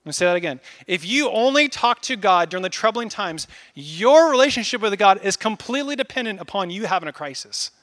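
A man in his thirties preaching a casual, animated sermon, acting out little asides as he goes. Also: sits high, a little fast, few pauses. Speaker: pastor.

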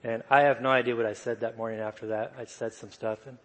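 Soft-spoken male preacher, mid-pitched, easy storytelling, reverberant church hall. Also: little pitch movement, fast. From United States. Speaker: guest preacher. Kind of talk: sermon storytelling.

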